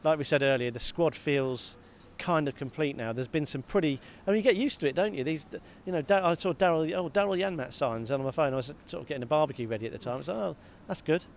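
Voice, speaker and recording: A man co-hosting a football podcast, talking in a lively, self-mocking way and often repeating words. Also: on the high side, fast talker, hardly any pauses. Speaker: podcast co-host. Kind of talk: casual football chat. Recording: faint background noise.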